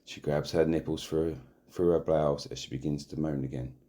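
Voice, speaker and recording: Very deep-voiced man reading deadpan. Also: normal speed. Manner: deadpan reading with stumbles and laughs. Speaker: narrator and host. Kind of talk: comic erotic story reading.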